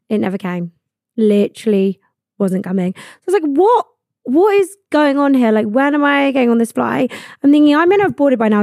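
A woman's voice: fairly high pitch, gravelly, no room sound, clean studio sound. Swearing young woman telling a story. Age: 20s. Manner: animated, swears freely, acts out quoted exchanges. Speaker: podcast host. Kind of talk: solo storytelling chat. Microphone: studio podcast mic.

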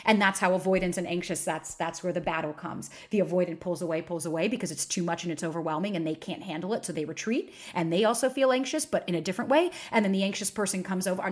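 A woman's voice: mid-range voice, quick pace, few pauses. A woman in her thirties hosting a casual solo podcast, talking frankly and emphatically, with plenty of swearing. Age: 30s. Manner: frank, profane, emphatic storytelling. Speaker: podcast host.

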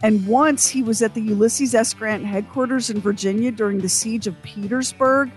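A woman's voice: on the high side, moderate pace, soft background music. A woman co-hosting a radio show, telling an anecdote in casual banter. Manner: storytelling, reads sponsor copy.

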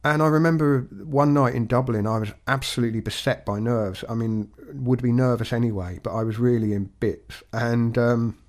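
A man co-hosting a podcast, talking in a measured, reflective way with frequent restarts. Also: mid-range voice, steady tone. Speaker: podcast co-host.

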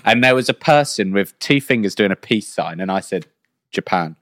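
Young male co-host, rambling and animated, swears freely; dry studio mic. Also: lowish voice, normal speed, dry recording. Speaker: podcast co-host. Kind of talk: casual chat.

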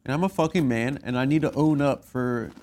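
Man, podcast co-host, teasing, pushy, gravelly voice. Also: medium pitch, fairly quick, darkish tone. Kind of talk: casual comedic banter.

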